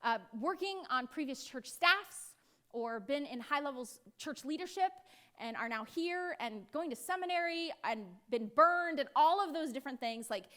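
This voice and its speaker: Bright high-voiced woman pastor preaching. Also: lively intonation, moderate pace. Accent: American. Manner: playful, acts out voices with laughs. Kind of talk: sermon.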